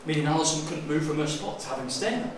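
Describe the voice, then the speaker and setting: Man acting a smug gent unmasking a con artist, high voice, echoey theatre, faint hiss. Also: fast talker, distant mic, natural voice.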